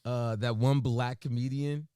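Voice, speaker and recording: A man co-hosting a morning radio show, bantering and joking with an animated, emphatic delivery in a studio. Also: mid-range voice, a little slow, clean tone.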